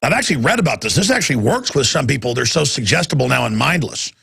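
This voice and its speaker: A man's voice: mid-range voice, very animated, fast talker, creaky, bright, forceful tone, breathy edge. A man hosting a talk radio show, delivering an impassioned, ranting monologue into a studio microphone, often repeating words.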